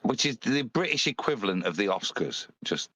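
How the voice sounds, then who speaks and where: A man's voice: fairly low pitch, big pitch swings, moderate pace, pushed and bright, slightly rough, no room sound. A man from the United Kingdom co-hosting a casual live stream, talking bluntly and crudely with frequent restarts. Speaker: co-host.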